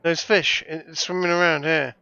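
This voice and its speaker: Bright, joking gamer. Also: male voice, a little high, steady tone, moderate pace, smooth, no room sound. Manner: joking, swearing, self-mocking. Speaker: gaming host. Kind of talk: casual let's-play chat. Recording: dull lo-fi mic.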